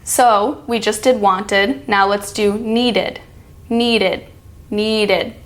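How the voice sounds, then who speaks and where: An American woman coaching pronunciation, saying each word slowly and clearly so it can be repeated. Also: medium pitch, fairly even intonation. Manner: slow, demonstrating each sound. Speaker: accent coach. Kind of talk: pronunciation lesson.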